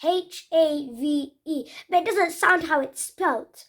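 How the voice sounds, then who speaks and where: A young English child leads a homemade pronunciation lesson in a high, bright voice. The delivery is unhurried and earnest, drawing sounds out and repeating them over and over with little restarts along the way. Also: female voice. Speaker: pronunciation trainer. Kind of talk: casual spoken lesson.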